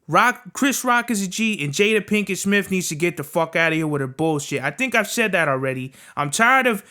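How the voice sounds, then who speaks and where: A man's voice: high voice, expressive, brisk, pushed and bright, clean tone. Profane, emphatic young man ranting. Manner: profane, emphatic, repeats "bruh". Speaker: podcast host. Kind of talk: casual opinion rant.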